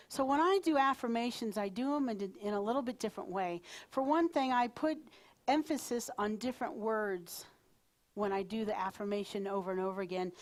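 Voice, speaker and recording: A woman minister giving a live sermon to her congregation, talking in a conversational, playful way with asides to the crowd. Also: mid-range voice. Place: spiritual center service in front of a congregation.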